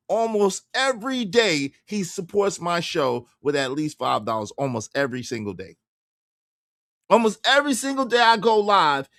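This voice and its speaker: An animated man hosts a livestream from inside his car, his voice high-pitched. He talks loosely and repeats himself as he shouts out viewers. The recording is dry and close. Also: no echo. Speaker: livestream host. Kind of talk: casual livestream commentary.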